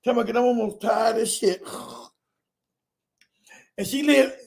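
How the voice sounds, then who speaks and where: A middle-aged man with a strikingly high voice tells a personal story in a loose, conversational way. He is animated and profane, laughing often and acting out every quote. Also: slow, gravelly. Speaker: streamer telling a personal story. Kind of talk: casual storytelling.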